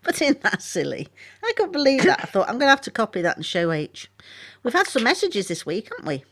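A woman's voice: on the high side, huge pitch swings, fairly quick, fairly bright tone. A woman from the UK co-hosting a podcast, chatting casually and prompting with curious questions. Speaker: podcast co-host. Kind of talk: casual chat.

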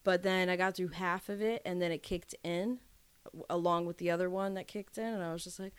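A woman's voice: fairly low pitch, a little fast, clean tone, no echo. A young woman co-hosting a podcast, telling casual stories with swearing and acted-out quotes. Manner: animated storyteller, profane, acts out quotes. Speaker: podcast co-host. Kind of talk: casual chat.

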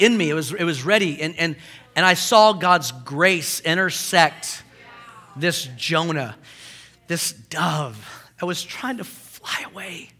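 A male pastor preaching a sermon, telling stories with animated bursts and then slowing to hushed emphasis. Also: a little high. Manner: animated storytelling, swinging from loud bursts to slow hushed emphasis.

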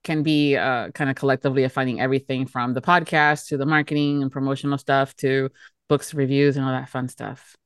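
A woman with a notably low voice, chatting as a podcast guest. She rambles with restarts and slips in giggles, and the recording is dry and close. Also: fairly even intonation, a little fast, smooth, no room sound. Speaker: podcast guest, audiobook promoter. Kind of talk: casual interview chat.

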